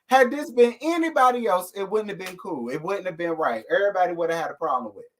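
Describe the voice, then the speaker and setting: A man's voice: high voice, lively intonation, fast, a bit bright. A man, host of a casual live stream, ranting at his audience. He talks with sassy, blunt fire and swears freely. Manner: sassy, fired-up, blunt with cursing.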